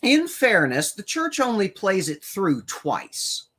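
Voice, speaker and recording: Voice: mid-range voice, wildly swooping pitch, slow pace, fairly bright tone, slightly rough. A co-host telling a story in casual chat, wry and profane.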